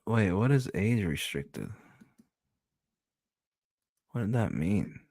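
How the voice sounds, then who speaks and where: A man's voice: on the low side, sing-song, takes it slowly, gravelly, a little mellow, husky, no echo, studio quality. A man streaming and reacting to clips, with crude, mocking remarks. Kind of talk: casual commentary.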